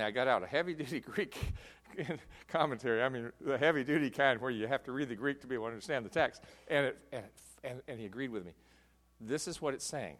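Earnest preacher in a reverberant hall. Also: male voice, medium pitch, a bit bright. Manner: earnest, emphatic preaching with fillers and restarts. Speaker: pastor. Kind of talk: sermon.

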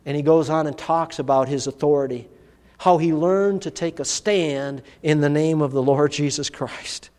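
A man's voice: a little high, moderate pace, a little mellow. A man preaching a sermon, telling a personal story in an earnest, vivid way. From United States. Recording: long hall reverb.

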